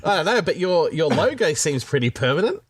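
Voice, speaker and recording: A man's voice: fairly high pitch, sing-song, brisk, breathy edge, no echo. An Australian man, a podcast guest, chatting in a jokey, rambling way with crude slang. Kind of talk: casual chat.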